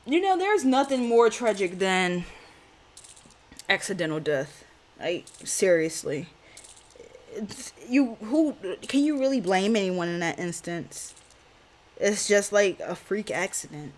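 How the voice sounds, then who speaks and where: A woman's voice: medium pitch, lively intonation, slow pace, pauses often. A woman giving casual, chatty commentary on a game playthrough, with frequent laughing asides, over game music. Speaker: let's player.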